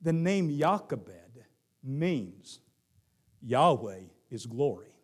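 Southern preacher, slow and dramatic. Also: male voice, medium pitch, very animated. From Southern United States. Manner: dramatic preacher, swings from hushed to shouting. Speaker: pastor. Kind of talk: sermon.

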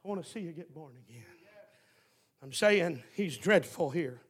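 A man preaching a fiery revival sermon, swinging from quiet, close talk to shouted, repeated lines. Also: on the high side, lively intonation, moderate pace, husky.

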